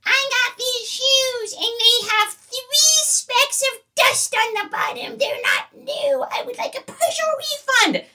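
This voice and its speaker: Lady putting on a squeaky whiny buyer voice, fussy and entitled. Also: takes it slowly, hardly any pauses, pushed and bright, far from the mic, exaggerated voice. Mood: petulant. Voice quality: high, nasal and whiny. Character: fussy complaining woman buyer demanding refund.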